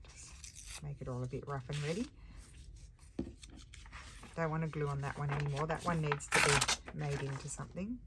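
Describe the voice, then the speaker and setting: A woman's voice: low voice, steady tone, normal speed, long pauses. A woman musing and thinking aloud as she narrates a casual crafting session at her table, correcting herself as she goes. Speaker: crafting vlogger. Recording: clear background noise with crafting clicks.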